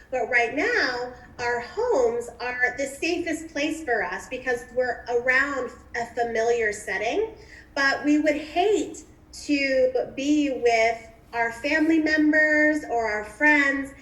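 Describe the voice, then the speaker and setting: A woman in her thirties speaks gently to young children, defining hard words plainly. Her voice sits high. She comes through a video call, distant and echoey. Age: 30s. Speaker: guest social worker. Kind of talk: explaining simply to young children.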